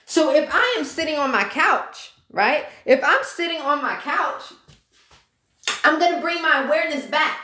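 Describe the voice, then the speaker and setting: A woman with a raised, bright, forceful voice teaches mindset steps to her followers. She repeats every key point and tags nearly each line with "okay?" or "right?", sometimes acting out her inner thoughts. The sound is roomy, recorded in an echoey room at home. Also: sits high, animated, normal speed. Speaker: mindset coach. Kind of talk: casual self-help lesson to followers.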